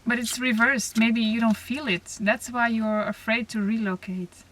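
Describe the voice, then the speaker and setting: A woman giving a spiritual oracle card reading to camera, talking softly and reflectively, with pauses and restarts. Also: a little high, fairly even intonation. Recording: slightly distant mic, faint noise.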